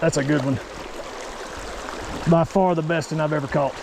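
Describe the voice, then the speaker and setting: Excitable high-voiced man outdoors. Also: moderate pace, gravelly, background noise. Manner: excitable, folksy exclamations. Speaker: fly fishing vlogger. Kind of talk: casual outdoor vlog narration. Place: outdoors by a mountain creek.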